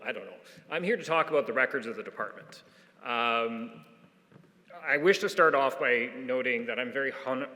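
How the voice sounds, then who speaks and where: A man lectures formally and earnestly to a conference, now and then restarting a phrase. His voice is bright and clear at a middle pitch, ringing with the long reverb of a big hall. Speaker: departmental historian. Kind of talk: conference presentation.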